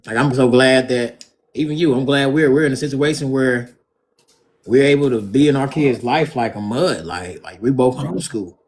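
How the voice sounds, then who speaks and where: A man's voice: medium pitch, normal speed, a little hiss or hum. A man co-hosting a casual podcast, talking in a laid-back, affirming way and repeating his points. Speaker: podcast co-host. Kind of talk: casual chat.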